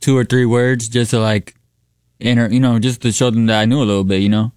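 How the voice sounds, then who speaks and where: A man co-hosting a radio show, bilingual with Spanish, talking in a laid-back, halting way with frequent restarts. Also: medium pitch, little pitch movement, darkish tone, smooth, no echo, clean studio sound. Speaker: radio co-host. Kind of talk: casual radio banter.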